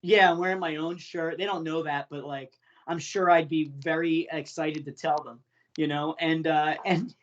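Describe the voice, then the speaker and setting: A man from New York, a guest on a podcast, telling stories in a rambling, animated way full of fillers. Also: fairly high pitch, normal speed, dull audio. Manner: rambling, animated storyteller with many fillers and laughs. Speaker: guest, pro wrestler. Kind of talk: casual podcast chat.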